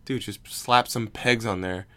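A man's voice: lowish voice, steady tone, measured pace, pushed and bright. A young man hosting a casual recorded chat, rambling and teasing with jokes. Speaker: podcast host.

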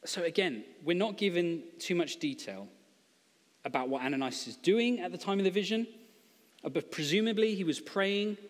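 Guy preaching, chatty and jokey, slightly high voice, long echo like a big hall. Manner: conversational, humorous storytelling, acts out quotes. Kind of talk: sermon.

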